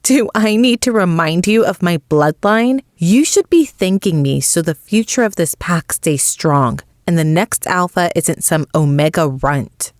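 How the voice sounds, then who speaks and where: A woman's voice: fairly low pitch, animated, a little slow, few pauses, dry recording, clean studio sound. A woman voicing a scheming young woman rival whose voice is sickly sweet and taunting.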